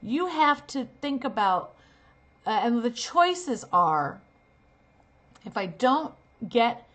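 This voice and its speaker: A woman's voice: on the high side, a bit bright. A middle-aged woman teaching a casual acting lesson, acting out sample lines as she explains. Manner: demonstrates lines, shifting from earnest to sarcastic. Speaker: acting coach and talent manager.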